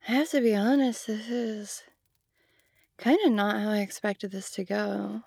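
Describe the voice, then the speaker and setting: A young woman speaks straight to the listener in an audio role-play. Her voice is slightly high but mellow, with a gravelly fry, and she talks unhurriedly, giggling and filling with "like". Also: fairly even intonation, measured pace, no echo. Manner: casual, giggly, full of "like".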